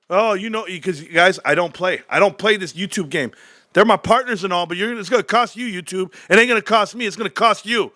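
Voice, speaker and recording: A man hosting a livestream, ranting brashly and cursing, swinging from low muttering to shouting excitement. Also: quick pace, dry recording, clean studio sound. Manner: profane, brash. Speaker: livestream host. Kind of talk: casual livestream rant.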